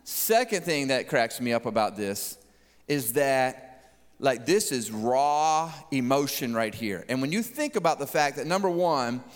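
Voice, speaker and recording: A man's voice: mid-range voice, unhurried. A man preaching a sermon, joking and acting out voices as he talks. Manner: animated, joking, acts out voices. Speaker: pastor. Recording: long hall reverb.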